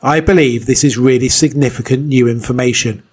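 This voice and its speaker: Serious male narrator, measured delivery. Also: medium pitch, darkish tone, husky. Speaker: investigator and narrator. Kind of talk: scripted narration.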